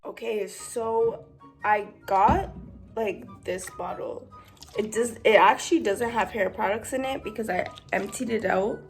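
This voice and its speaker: A woman's voice: medium pitch, expressive, a little slow, creaky, sharp tone, faint music behind. A young woman chatting casually to her camera as a vlogger, giggly and full of fillers, with a stuffy nose from allergies. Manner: giggly, talks with lots of fillers. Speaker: vlogger pranking her boyfriend.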